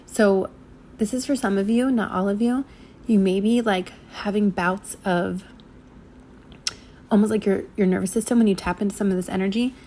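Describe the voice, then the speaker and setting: A woman reads a spiritual transmission aloud and stops often to talk it over. She speaks haltingly, stumbles over her words, and fills the gaps with ums and likes. Her voice sounds a little shaky, and faint noise sits under the recording. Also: mid-range voice, steady tone, warm tone. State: slightly shaky voice. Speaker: spiritual channeler. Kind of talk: reading and commenting on a channeled transmission.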